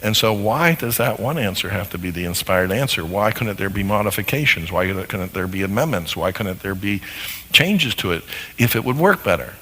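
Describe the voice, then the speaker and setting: A man with a lowish, sharp-toned voice lectures animatedly on marriage at normal speed, frequently posing rhetorical questions to his listeners. A long hall reverb surrounds the recording.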